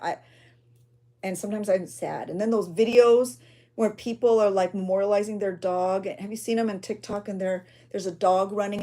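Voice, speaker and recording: A woman's voice: mid-range voice, dark tone. Chatty woman hosting a crafting livestream. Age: adult with a child. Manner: chatty, reads viewer comments aloud, frequent gasps and exclamations. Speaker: junk journal creator hosting a livestream.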